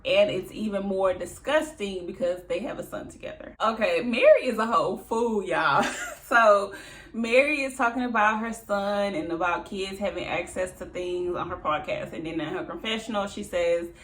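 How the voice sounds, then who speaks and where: A woman's voice: medium pitch, moderate pace. A woman recapping a reality show in a casual, chatty way, laughing often and mimicking the people she quotes.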